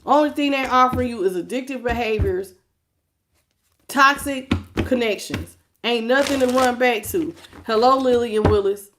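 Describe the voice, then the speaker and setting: A woman's voice: normal speed, noisy background. Emphatic woman giving a tarot reading. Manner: emphatic and preachy, swings between low murmurs and loud outbursts. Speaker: tarot reader. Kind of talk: live-streamed tarot reading, greeting viewers.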